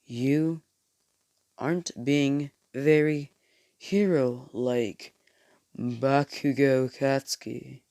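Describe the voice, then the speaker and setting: Man voices gentle, resigned schoolboy; soft, slow delivery. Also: mid-range voice, steady tone, no echo.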